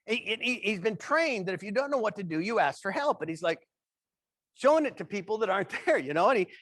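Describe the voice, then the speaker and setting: High-voiced man telling comic stories. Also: a little fast, no echo. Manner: animated, playful comic delivery. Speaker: humorist keynote speaker. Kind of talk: comic keynote storytelling.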